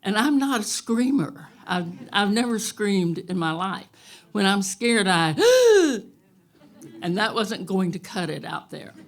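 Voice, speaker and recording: A woman telling a true story on stage to a live audience, wry and unhurried, often chuckling. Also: medium pitch.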